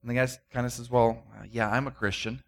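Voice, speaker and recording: A man's voice: mid-range voice, flat delivery, quick pace, a bit bright. A man preaching a conversational sermon, retelling stories with frequent restarts and acted-out quotes. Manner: conversational, self-deprecating, many restarts, acts out quotes. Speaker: pastor.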